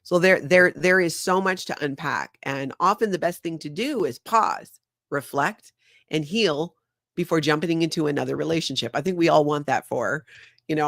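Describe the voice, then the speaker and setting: A woman's voice: deep voice, creaky, no room sound, clean studio sound. A woman hosting a livestream, talking in an earnest, confiding way and reading viewer comments aloud. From former member of a high-control group. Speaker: livestream host.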